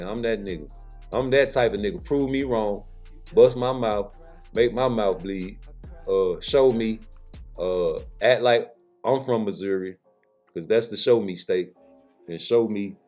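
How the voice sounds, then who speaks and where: A man's voice: on the low side, darkish tone. A man giving a casual vlog monologue in blunt, profane street talk. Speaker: vlogger.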